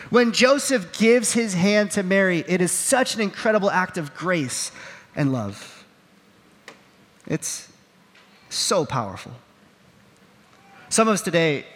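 Preaching from the stage of a large hall with a wearable mic, this pastor has a high-sitting, fairly bright voice. His sermon is earnest and self-deprecating, built on stories where he acts out the quotes.

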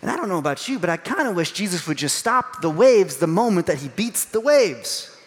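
A male pastor giving a sermon in a conversational, animated way, acting out little voices as he tells the story. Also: high-pitched, brisk, in a large hall.

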